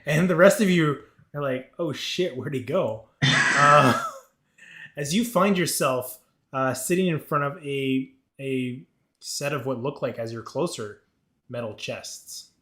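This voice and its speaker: Halting game master in an echoey room. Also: male voice, medium pitch, bright, forceful tone. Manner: halting, many fillers and restarts. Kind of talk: narrating a tabletop game.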